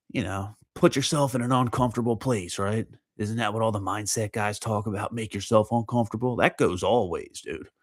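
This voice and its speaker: A man's voice: lowish voice, fairly bright tone, no echo, studio quality. A man hosting his own show, chatting casually in a rambling, profane way and laughing often. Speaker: podcast host. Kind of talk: casual solo chat.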